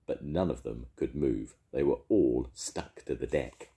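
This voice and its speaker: An older man, a storytelling grandad, reading a children's story aloud with expressive delivery. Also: very deep voice, a little slow.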